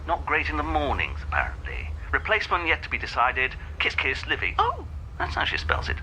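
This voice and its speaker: A chummy scatterbrained agent, bright, very sharp voice, sing-song, radio comedy. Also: male voice, medium pitch, huge pitch swings, a little fast, a little hiss or hum, full character voice, poor audio. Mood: breezy. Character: breezy, chummy male agent.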